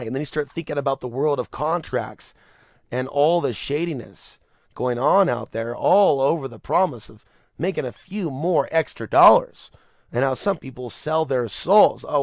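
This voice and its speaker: A male podcast host delivering a rambling, animated solo rant, swearing freely and breaking into laughter. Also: mid-range voice, vocal fry, dry recording, clean studio sound. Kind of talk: casual monologue rant.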